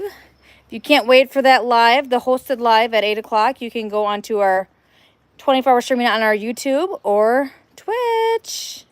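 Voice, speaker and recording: Woman hosting a sanctuary live stream, fairly high voice, chatty and rambling, talking into a phone as she walks. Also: clean tone, no echo. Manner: chatty, rambling, laughs easily. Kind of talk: casual live-stream chat. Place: outdoor cat playground at a sanctuary.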